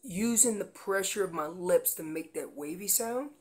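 An animated man teaching elk calling as a guest instructor. He explains each call step by step and speaks with emphatic energy, like a hands-on coach. His tone stays practical and instructional. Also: high voice, moderate pace. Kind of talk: instructional demonstration.

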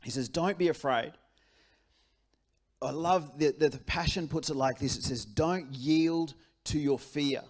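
An Australian-accented pastor with a slightly high voice gives a sermon in church, speaking a little slowly. His style is conversational and animated, and he repeats key phrases.

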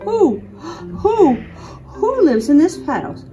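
A woman with a very high, wildly swooping voice narrates toy play for little children in an unhurried sing-song. She gasps theatrically and repeats phrases over and over. Music plays clearly underneath. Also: sing-song, highs cut off.

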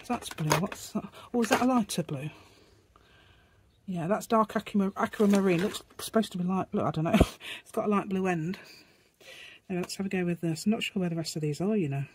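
A woman's voice: fairly low pitch, darkish tone, slight background noise. A woman chatting casually as she demonstrates a craft, rambling as she works and making asides to her dog. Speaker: craft vlogger.

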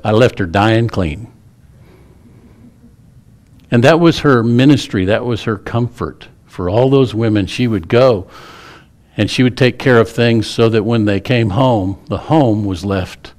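Folksy pastor preaching a sermon. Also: male voice, lowish voice, a little mellow. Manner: folksy storytelling with humor. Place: church sanctuary.

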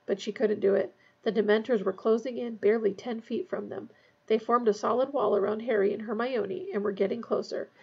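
A woman narrating a fantasy novel aloud in a tense, hushed storytelling manner. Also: fairly high pitch, steady tone, fairly quick, gravelly, husky, muffled recording. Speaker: audiobook reader.

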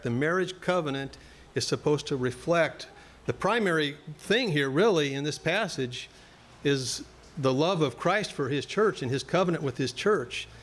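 A male pastor preaching a sermon in a church, earnest and plain-spoken, turning now and then to address the congregation directly. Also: medium pitch.

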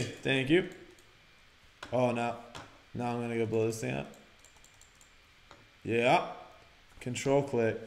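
A young man hosting a let's-play, reading game prompts aloud and breaking into loud, excited shouts. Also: medium pitch, a little slow, pauses often. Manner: energetic, bursts into loud shouts, reads on-screen prompts aloud. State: sore mouth after dental work. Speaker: gaming channel host. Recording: roomy home recording with game music behind.

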